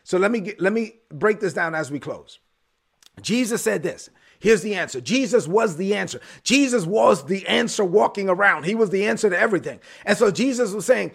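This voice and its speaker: A man's voice: high-pitched, animated, moderate pace, gravelly, a bit bright, husky. A male pastor preaching a sermon, emphatic and repetitive, building phrases to a punch.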